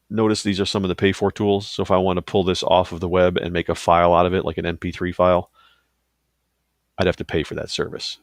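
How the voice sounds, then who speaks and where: Deep, gravelly man talking through a tutorial. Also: dry recording, studio quality. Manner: casual, loose, with fillers and asides. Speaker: teacher giving a software tutorial. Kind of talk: screen-recorded tutorial.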